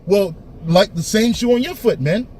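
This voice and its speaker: A man teaching and preaching in a forceful, emphatic way, often tagging his lines with "man" and restarting phrases. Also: high voice, moderate pace, a little hiss or hum. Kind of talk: preaching street-style commentary.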